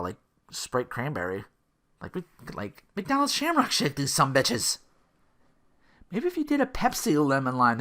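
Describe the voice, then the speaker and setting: Hosting his own podcast solo, a man with a mid-range, fairly bright voice rambles casually, often tripping over his words and making self-deprecating remarks.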